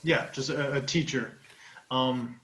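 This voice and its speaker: A man's voice: mid-range voice, fairly even intonation, a bit bright. A man in his forties from Canada, a talk show guest chatting casually and telling stories. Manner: chatty storyteller, does quick voices. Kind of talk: casual chat. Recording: roomy echoey sound.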